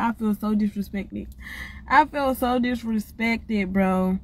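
A woman ranting casually to the camera, blunt, profane and animated. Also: a little high, unhurried. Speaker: vlogger.

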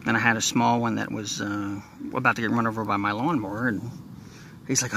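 A man's voice: on the low side, level tone, a little fast, creaky, sharp tone, slight background noise. A man from Southeast Texas with a Southern accent, casually narrating a nature vlog outdoors and chatting to viewers in a rambling way. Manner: folksy and rambling, talking to viewers. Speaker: nature vlogger. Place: outdoors in marsh near a bridge.

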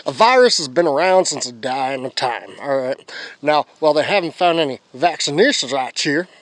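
A man's voice: fairly high pitch, lively intonation, moderate pace, no echo. A young man vlogging and telling a story to camera in a crude, rambling way, swearing a lot.

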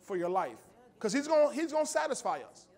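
A man with a high voice preaching to his congregation in a church sanctuary. He talks in a folksy way and laughs often. He swings between loud, emphatic lines and quiet storytelling asides. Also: sing-song, fast talker. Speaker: pastor. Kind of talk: sermon.

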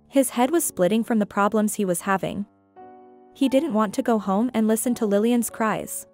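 A woman reading a scripted story aloud as narrator, steady and even. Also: mid-range voice. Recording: faint background music.

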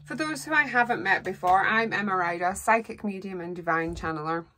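Earnest woman, bright voice. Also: medium pitch, fairly quick. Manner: earnest, rambling, heartfelt. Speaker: psychic tarot reader. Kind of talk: solo tarot reading monologue.

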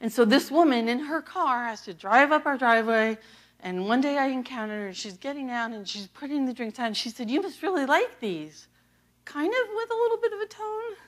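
Casting note: female associate pastor, American, chatty sermon storytelling, slightly high voice. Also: expressive, a little fast. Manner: conversational storytelling, acts out dialogue.

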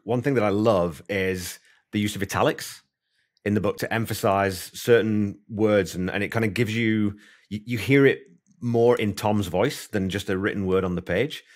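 A man's voice: fairly low pitch, moderate pace. A man hosting a podcast interview, chatting casually and thinking aloud with plenty of asides. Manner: rambling, thinks aloud, many "you know" asides. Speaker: podcast host.

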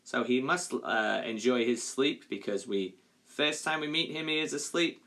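A male primary school teacher reading a story aloud to his class in a clear, measured way. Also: mid-range voice, sharp tone.

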